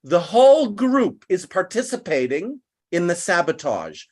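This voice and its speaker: A man's voice: very animated, measured pace, darkish tone. A man hosting an online group, ranting angrily and bitterly at its members and swearing as he goes. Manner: heated, bitter, swearing, with big swings in pitch. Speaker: host of an online English class group. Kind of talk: angry rant to an online group.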